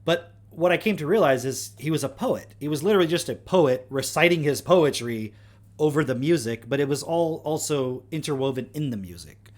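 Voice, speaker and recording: A man's voice: a little high, lively intonation, fairly quick, a little mellow. A young man hosting a livestream, talking in a casual, rambling way with lots of fillers and self-corrections. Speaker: livestream host.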